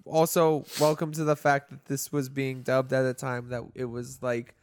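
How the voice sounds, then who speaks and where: A man's voice: medium pitch, flat delivery, moderate pace, clean tone. A man co-hosting a casual chat, rambling with lots of fillers and laughing often. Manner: rambling, laughs often, puts on silly voices. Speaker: podcast co-host. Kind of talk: casual chat about anime.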